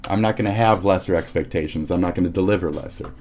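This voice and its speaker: A man's voice: low-pitched, fast talker, darkish tone, slight background noise. A man ranting casually on a live stream, profane and heated, often laughing and acting out quotes.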